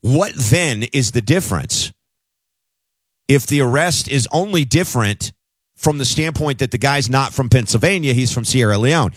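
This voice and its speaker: A man's voice: medium pitch, expressive, normal speed, husky, no echo. A man hosting a conservative talk radio show, delivering an emphatic, conversational monologue into a studio mic.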